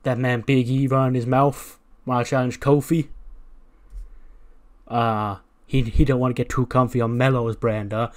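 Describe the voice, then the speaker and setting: A man putting on a cocky trash-talking male wrestler, swaggering and loud as he brags. He punches his boasts with extra volume in a middle-pitched voice. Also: level tone, moderate pace, close to an everyday voice.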